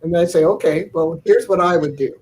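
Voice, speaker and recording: A woman's voice: fairly low pitch, fairly quick, darkish tone, rough recording. An older woman chatting casually over a video call, telling family stories in a rambling, chuckling way with many fillers. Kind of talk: casual storytelling chat.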